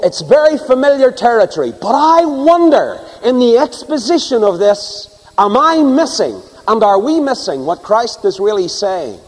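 A man preaching a sermon to a congregation, swinging from loud emphasis to hushed asides. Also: high voice, big-room sound, low-quality recording. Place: church before a live congregation.

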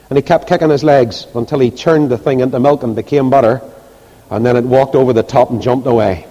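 A man preaching a sermon with passion, rising to high, loud peaks and dropping soft again. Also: brisk, lo-fi sound. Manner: impassioned, rises to loud high peaks, then drops soft. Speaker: preacher and Bible class leader. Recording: long hall reverb.

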